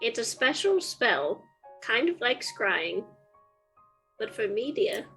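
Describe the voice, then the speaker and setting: A woman player in a tabletop game trades playful jokes in a lively voice that swings up and down. Her pitch is fairly high and eager. Music plays faintly behind her. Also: slow pace, slightly rough. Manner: playful, joking banter. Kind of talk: playing a tabletop game, casual chat.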